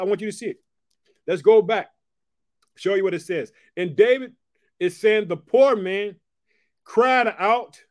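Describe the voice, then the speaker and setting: A man's voice: high-pitched, moderate pace, dry recording, clean studio sound. A man preaching a fervent podcast sermon, with repeated rhetorical asides. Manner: fervent, repetitive call-and-response asides.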